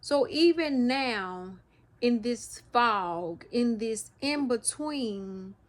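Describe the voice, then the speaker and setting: A woman talking through her feelings in a personal vlog, halting and emotional, often restarting her sentences and speaking of her faith. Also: a little high, animated. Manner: faith-filled, speaks of God. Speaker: vlogger.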